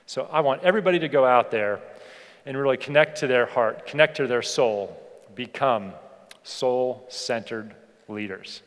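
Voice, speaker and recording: A man's voice: medium pitch, normal speed, slight background noise. A man giving a motivational keynote speech on a conference stage, emphatic and repeating phrases for effect. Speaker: keynote speaker. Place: large conference hall. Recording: long hall reverb from a PA.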